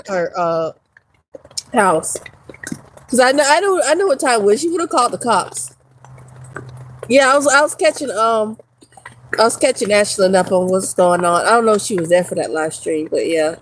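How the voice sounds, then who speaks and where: A woman's voice: medium pitch, a little hiss or hum, rough recording. A woman vlogger ranting casually to her viewers, profane and rambling, laughing often. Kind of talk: casual rant to camera.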